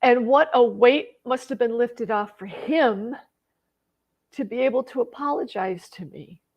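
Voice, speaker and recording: A woman's voice: fairly high pitch, measured pace, muffled recording. A middle-aged woman telling a personal story in a conversational way, getting emotional and tearing up at times. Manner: emotional, tearful at times, many restarts. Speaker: personal growth vlogger.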